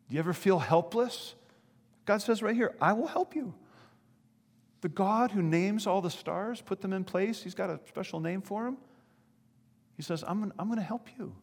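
A man preaching a sermon as pastor, earnest, reading scripture aloud slowly and emphatically. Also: high-pitched, long reverb tail.

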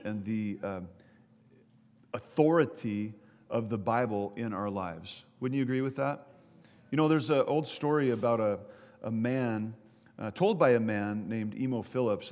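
A man giving a sermon as pastor, talking to the congregation in a chatty way with repeated words and quick asides. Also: mid-range voice, a little mellow, big-room sound. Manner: conversational preaching with repeated words and audience asides. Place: church sanctuary.

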